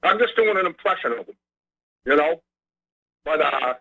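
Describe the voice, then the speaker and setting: A man calling in to a radio talk show, speaking haltingly with many fillers. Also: a little high, animated, sharp tone, no echo. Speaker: caller. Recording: muffled phone line.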